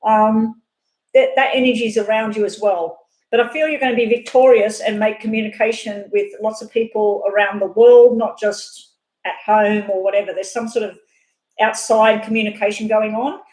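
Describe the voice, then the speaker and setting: A woman doing a live tarot reading, talking fast and rambling off on side chats. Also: mid-range voice, fairly even intonation, a little mellow. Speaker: tarot reader. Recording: echoey room.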